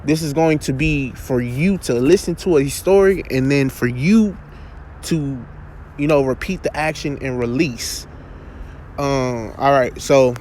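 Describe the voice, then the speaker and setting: A man giving an earnest, preacherly spoken reflection outdoors, halting and restarting as he talks. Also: medium pitch, a little hiss or hum. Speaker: vlogger.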